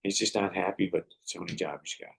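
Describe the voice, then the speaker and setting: A man's voice: low-pitched, fast, creaky, fairly bright tone, breathy edge. A man hosting a motivational podcast, telling stories and giving earnest, preacherly advice. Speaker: podcast host and martial arts teacher.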